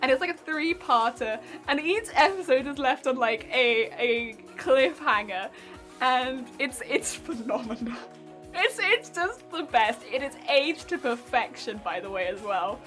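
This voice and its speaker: Young woman, high voice, chatty and giggly, live stream, faint background music. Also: lively intonation, unhurried, fairly bright tone. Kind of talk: casual chat while sewing.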